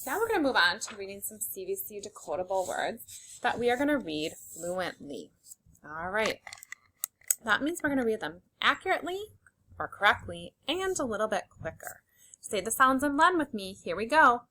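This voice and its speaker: A young adult woman teaching a phonics lesson to young children, sounding out each letter sound slowly and clearly and praising with upbeat encouragement. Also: a little high, very animated, bright, forceful tone.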